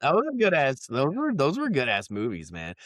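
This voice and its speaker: A man's voice: medium pitch, wildly swooping pitch, a little fast, a bit bright, no room sound. A man co-hosting a podcast, chatting casually in a rambling, profane way and laughing often. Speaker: podcast co-host. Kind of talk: casual banter. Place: South Carolina.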